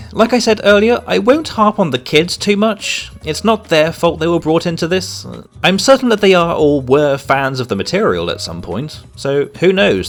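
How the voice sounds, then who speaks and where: A man delivering a scripted, sarcastic and exasperated review of a comic. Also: a little high.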